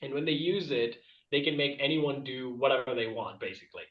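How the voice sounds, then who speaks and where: A man's voice: mid-range voice, a little fast, reverberant, recorded from a distance, muffled recording. A man doing a rambling stand-up comedy bit over a video call, laughing at his own jokes. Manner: rambling and self-amused, laughing at his own jokes, with jumpy shifts in loudness.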